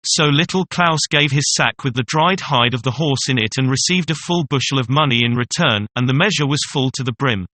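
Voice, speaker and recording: A man narrating a fairy tale in a measured, even storytelling manner. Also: medium pitch, no room sound.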